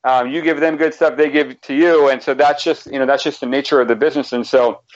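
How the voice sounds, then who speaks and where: A man's voice: mid-range voice, steady tone, quick pace. A man with a mid-range voice talks through the business side of the draft, restarting his sentences often. The sound is dull and lo-fi. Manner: rambling, many restarts and fillers. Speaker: basketball draft analyst. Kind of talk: casual podcast discussion.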